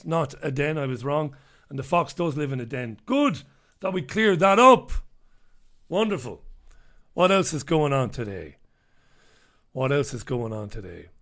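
A man's voice: fairly high pitch, fairly bright tone. Chatty man hosting radio. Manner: chatty, blunt, quick asides to listeners. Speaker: radio host reading listener messages. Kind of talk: casual radio chat.

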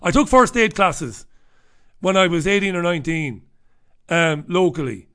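A middle-aged radio host from Ireland has a high, bright, forceful voice that is clear and resonant, and he speaks animatedly at a normal speed. In a casual comic monologue, he rambles through a checklist with irreverent, profane humor and free swearing.

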